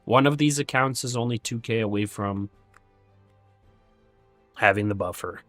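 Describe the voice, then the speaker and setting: A man talks through his trades on a live stream and thinks aloud as he works the numbers. He is candid and openly critical of his own mistakes. His voice sits fairly low and sounds dry and close, with faint music underneath. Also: moderate pace, fairly bright tone, dry recording. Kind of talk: live trading commentary.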